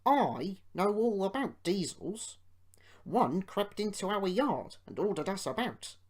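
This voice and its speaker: A man's voice: high-pitched, big pitch swings, slow pace, breathy edge, voice pushed up, heavily acted. A man voicing a boastful male steam engine in a storybook reading, with a proud, bragging manner.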